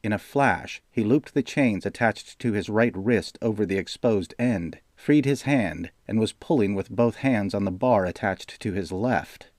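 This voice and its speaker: Man, audiobook narrator, low voice, measured, dry studio sound. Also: a little mellow, no room sound. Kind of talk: scripted fantasy narration.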